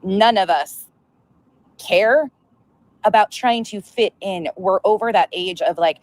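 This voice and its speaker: A woman's voice: mid-range voice, takes it slowly. A woman hosting a commentary stream, answering played clips with blunt, sarcastic retorts. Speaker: commentary channel host.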